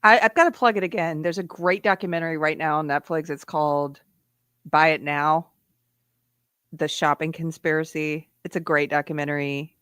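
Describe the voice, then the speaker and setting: A woman co-hosting a casual live stream, chatty and quick to laugh. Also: low voice, fairly even intonation, fairly bright tone, clean tone, dry recording, studio quality. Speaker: co-host.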